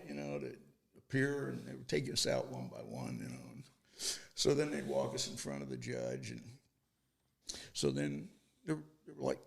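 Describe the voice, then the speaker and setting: Gravelly, lively older man storyteller. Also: medium pitch. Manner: rambling anecdotes, quotes others in dialogue. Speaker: guest, storytelling father. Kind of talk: casual storytelling.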